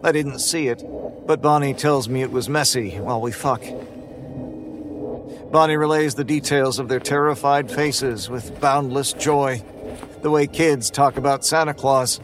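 A man narrating a first-person horror story in a flat, weary, grim manner. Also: mid-range voice, unhurried, background noise.

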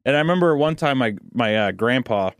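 A man's voice: mid-range voice, animated, a little fast, no echo. Podcast co-host, man from Missouri, profane ranting storyteller, dry close sound. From Missouri, United States. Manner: profane, ranting, acts out quoted people. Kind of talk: casual chat.

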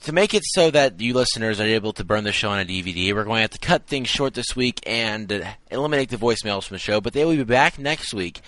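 A man's voice: fairly low pitch, lively intonation, fast talker, few pauses, a bit bright, dry recording, rough recording. Upbeat young podcast host, man. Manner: upbeat, reads out announcements. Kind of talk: casual podcast hosting.

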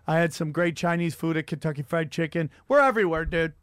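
A man hosting a podcast, telling stories in an animated, profane comedic rant. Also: fairly high pitch, quick pace, clear, resonant tone, no room sound, studio quality. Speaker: podcast host.

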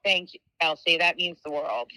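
A woman's voice: sits low, moderate pace, pushed and bright, rough recording. A woman, a regular podcast co-host, calling in and chatting casually in an upbeat, wry way. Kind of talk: casual chat.

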